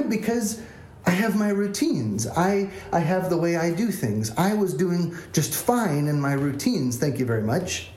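A man's voice: high voice, darkish tone, a little hiss or hum. A man, a pastor, telling a self-deprecating story as a sermon in a church. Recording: echoey church room.

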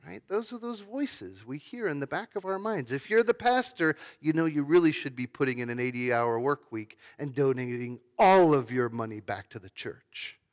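A man's voice: mid-range voice, animated, normal speed, hardly any pauses. A man giving a sermon as pastor, talking in a conversational way with fillers and restarts.

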